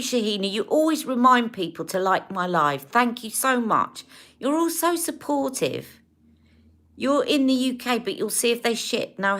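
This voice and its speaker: A woman's voice: medium pitch, a bit bright. A woman hosting a casual beauty livestream, chatting to viewers in a rambling, affectionate way. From United Kingdom.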